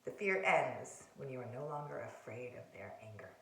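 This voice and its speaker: A woman's voice: extremely low pitch, expressive, moderate pace, a bit bright. A woman giving casual advice, rambling and repeating herself, often dropping to a whisper. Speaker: self-help video host. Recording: roomy sound, distant from the mic, faint ambience.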